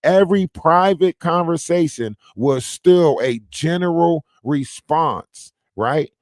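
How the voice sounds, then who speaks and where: A man's voice: on the high side, slow pace, no room sound, clean studio sound. Insistent man on a livestream. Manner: insistent, keeps adding "right?". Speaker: livestream host. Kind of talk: casual livestream talk, reading messages aloud.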